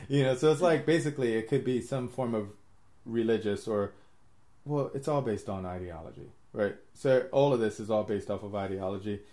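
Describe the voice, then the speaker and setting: A man's voice: medium pitch, moderate pace, warm tone. A man hosting a podcast, rambling through his ideas in casual chat, laughing often and swearing freely. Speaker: podcast host.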